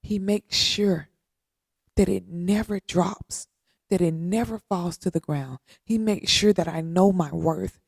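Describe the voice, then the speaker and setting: A woman hosting a podcast, giving a heartfelt, faith-based talk, speaking earnestly with repetition and long pauses. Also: lowish voice, creaky, no echo, clean studio sound. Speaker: podcast host.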